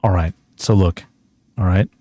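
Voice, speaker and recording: A man's voice: sits low, fairly even intonation, unhurried, dark tone, no room sound. A man streaming a game, chatting casually in a rambling, joking way and slipping into mock outrage. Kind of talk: casual gameplay commentary.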